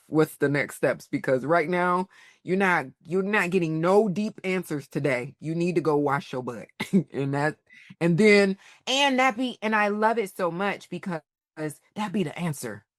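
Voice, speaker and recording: Low-voiced woman telling lively stories. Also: dry recording, clean studio sound. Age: 40s. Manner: animated storyteller, laughs often, acts out quotes. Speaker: podcast guest. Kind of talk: casual storytelling interview.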